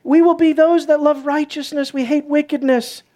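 A woman preaching a sermon, swinging from soft, low passages to loud, emphatic peaks. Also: steady tone, normal speed.

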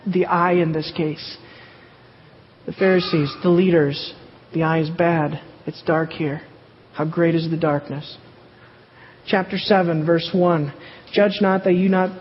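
Husky-voiced preacher in an echoing hall. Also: mid-range voice. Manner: reads verses aloud, then poses and answers rhetorical questions. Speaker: Bible teacher. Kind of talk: verse-by-verse Bible teaching. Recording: dull, echoey hall recording.

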